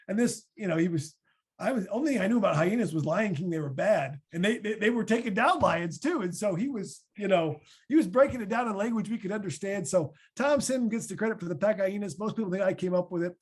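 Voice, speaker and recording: A man in his thirties with a Midwestern American accent, answering podcast questions as a former linebacker in a chatty, animated way. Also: high-pitched, brisk, breathy edge. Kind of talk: casual podcast Q&A.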